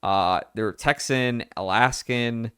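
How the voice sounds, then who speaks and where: A man's voice: mid-range voice, slow, a bit bright, clear, resonant tone, no room sound, studio quality. Man rambling casually over gameplay. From Philadelphia area. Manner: rambling, restarts often. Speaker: gaming streamer.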